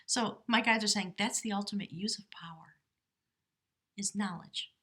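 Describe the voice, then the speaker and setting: A woman tarot reader giving a spiritual reading, earnest and emotive, sometimes dropping to soft whispers. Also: mid-range voice, moderate pace.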